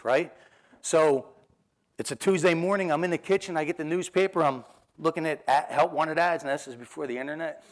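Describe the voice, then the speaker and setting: A middle-aged man with a New Jersey accent telling personal stories in a keynote talk, acting out the dialogue and laughing often. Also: fairly high pitch. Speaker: motivational speaker.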